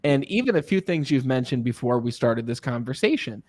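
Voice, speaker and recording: A man hosting a casual interview as a sales coach, telling stories in an animated way and often checking in with "right?". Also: medium pitch, a little fast, dry recording. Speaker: podcast host and sales coach.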